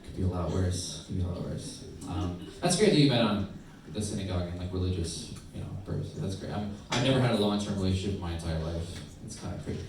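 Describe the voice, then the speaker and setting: A man's voice: low voice, recorded from a distance, crowd noise. Young guy from upstate ny doing standup, club mic picked up from way back, super echoey and noisy. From upstate New York. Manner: quick asides, acts out other voices. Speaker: stand-up comedian. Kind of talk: stand-up set with crowd work. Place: comedy club stage, audience laughing.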